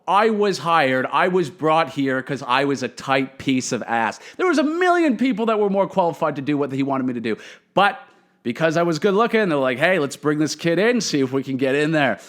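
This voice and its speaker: A man talks through a long story in a loose, rambling monologue, swearing freely and tripping over fillers. His pitch sits in the ordinary middle for a man. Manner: profane, rambling, full of fillers. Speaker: comedian host.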